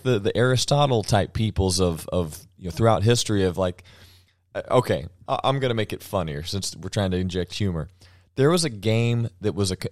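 Rambling low-voiced man on a dry mic. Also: dry recording. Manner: rambling, laughs often, many restarts. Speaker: podcast host. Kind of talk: casual chat.

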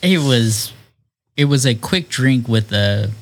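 A man's voice: mid-range voice, expressive, slow pace. A young man chatting as a podcast guest, laid-back and a little hesitant. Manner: laid-back, hesitant, starts over often. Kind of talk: casual chat.

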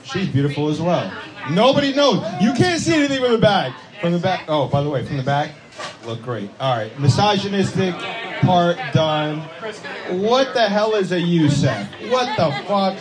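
Cast a high-voiced male comic for rowdy club stand-up, with a noisy crowd behind him. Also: big pitch swings, moderate pace. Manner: brash, profane, teasing the crowd. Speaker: stand-up comedian. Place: comedy club with a live audience. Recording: loud crowd noise in a club. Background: audience laughter and chatter.

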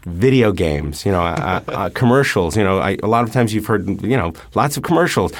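Deep-voiced New man, halting. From New York. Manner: thoughtful, many uh fillers. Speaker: stage actor guest. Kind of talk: relaxed interview talk.

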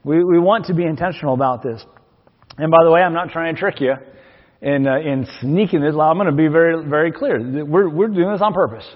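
In a church sanctuary, a pastor delivers a sermon, folksy and joking in between scripture readings. His voice is on the high side and a little fast, and the recording sounds dull and lo-fi with long hall reverb.

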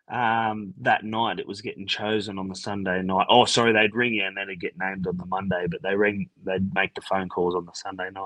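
A deep-pitched Australian man spins a relaxed yarn in a dry, close-sounding recording. He is a former footballer talking as an interview guest. He fills gaps with ums and acts out old phone calls as he goes. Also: no room sound, rough recording. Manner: laid-back yarning with many fillers; retells events by acting out quoted chats. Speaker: retired rugby league player, guest. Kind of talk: casual storytelling interview.

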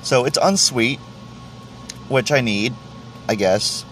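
A medium-pitched, slightly bright male voice takes things slowly over slight background noise. He's hosting his own podcast, a casual solo rant where he tastes tea, rambles self-deprecatingly, curses often, and stumbles over restarts.

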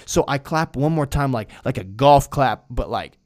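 A young man telling a story on a podcast in a casual, animated way, full of swearing and slang like "bro" and "dude". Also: medium pitch, moderate pace, noisy background. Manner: animated, profane, slangy, drifts into acted-out quotes.

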